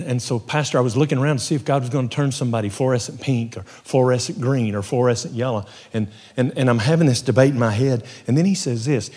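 A man preaching a sermon, telling a personal story, his voice dropping to a hush and then climbing with fervor. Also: medium pitch, husky. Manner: storytelling, swings from hushed to rising fervor. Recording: long hall reverb.

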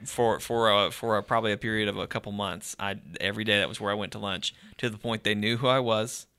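Gravelly bright-toned man. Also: lowish voice, steady tone, fast talker, no room sound. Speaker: podcast co-host. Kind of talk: casual chat.

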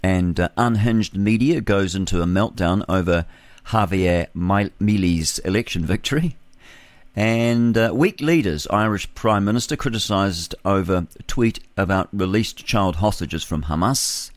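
A man's voice: sits low, unhurried, no room sound. A New man hosting a talk radio show, reading news headlines and adding scornful remarks between them. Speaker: radio host.

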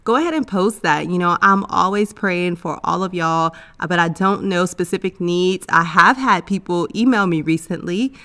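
A woman's voice: lowish voice, moderate pace, few pauses. A woman, hosting a faith-based podcast as a heartbreak coach. She speaks to the listener as "sis" and often says "like, you know". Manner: warm encouraging, addresses listener as sis, fillers like "like, you know".

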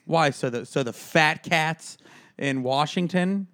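A man co-hosting a casual podcast, ranting in a deadpan, profane, joking way. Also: a little high, slow. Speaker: podcast co-host. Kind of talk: casual chat.

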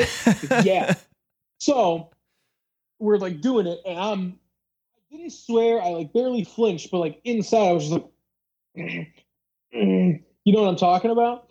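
In a mellow, darker voice at middle pitch, a podcast host spins a rambling, filler-packed story, performing the characters' lines. The audio comes across as a bit dull and lo-fi.

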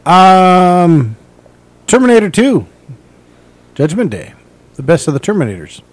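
A man co-hosting a podcast in casual chat, animated and steering the talk between topics. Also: sits high, a little slow, dry recording. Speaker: podcast co-host.

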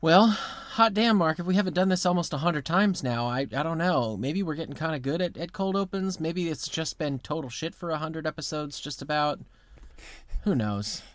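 A man with a fairly high voice co-hosts a podcast, chatting easily and hesitating with "um" and "uh". The recording is dry and close, with no room echo. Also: brisk, few pauses. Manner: easygoing, hesitant with fillers. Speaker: podcast co-host. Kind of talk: casual chat, show intro.

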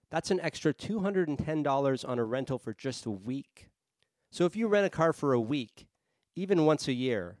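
A man hosting a personal finance podcast, reading a clear scripted introduction. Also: medium pitch, no room sound, studio quality. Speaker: podcast host. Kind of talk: scripted narration.

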